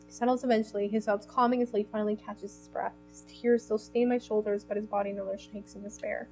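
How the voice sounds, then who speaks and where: A woman's voice: medium pitch, level tone, fast, noisy background. A young woman streaming a story game, reading it aloud and reacting emotionally with giggles. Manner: emotional, giggly, easily moved.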